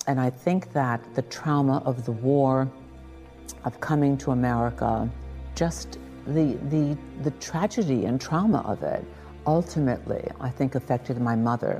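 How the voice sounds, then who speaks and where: An older woman with a strikingly low, mellow voice recalls her past in a slow, reflective way, pausing and restarting as she goes. Soft music sits faintly behind her. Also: long reverb tail. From Lithuania. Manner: reflective and measured, with pauses and restarts. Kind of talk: personal recollection.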